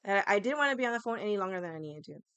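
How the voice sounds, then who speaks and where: A woman's voice: mid-range voice, expressive, very fast, fairly bright tone, clean tone, no echo. A woman livestreamer telling a story in casual, rambling speech, swearing constantly as she talks. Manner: restarts and fillers, loosely paced.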